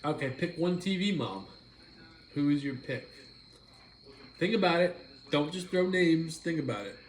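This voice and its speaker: A man's voice: a little high, lively intonation, a little slow, echoey room, a little hiss or hum, low-quality recording. A man hosting a live stream, chatting playfully and teasingly with his viewers. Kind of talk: casual chat with viewers.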